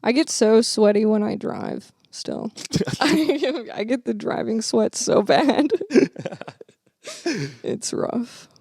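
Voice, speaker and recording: A woman's voice: fairly high pitch, sing-song, slow, creaky, a little mellow, breathy edge, no room sound, clean studio sound. A young woman co-hosting a podcast, chatting in a giggly, rambling, jokey way. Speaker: podcast co-host. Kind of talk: casual banter.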